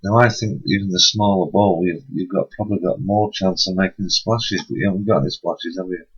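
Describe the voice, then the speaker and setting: A man's voice: low voice, steady tone, fairly quick, fairly bright tone, husky. A man chatting casually, dry and joking. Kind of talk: casual chat. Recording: dull, muffled recording.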